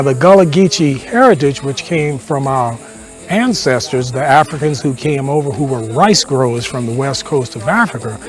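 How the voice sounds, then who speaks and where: Man, fairly high voice, lecturing explainer, faint music behind. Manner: lecturing, explains heritage and terms. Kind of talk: casual explanatory talk.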